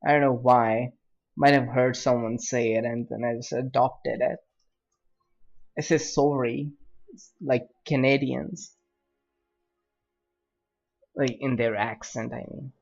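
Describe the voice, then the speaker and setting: A man's voice: medium pitch, level tone, moderate pace, gravelly, dull audio. A man streaming a game and chatting casually with friends over voice chat, teasing and laughing often.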